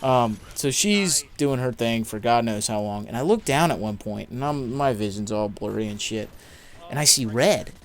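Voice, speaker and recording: A man's voice: medium pitch, animated, moderate pace. A young man, a gaming YouTuber, casually telling a story with lots of swearing, fillers and rambling asides. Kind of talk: casual storytelling over gameplay.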